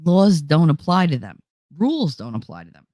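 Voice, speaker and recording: There's no room sound around this woman's low-pitched, dark voice, which is very animated at normal speed. Hosting a casual live chat, she fields viewer questions with blunt, profane language and performs the voices of people she quotes.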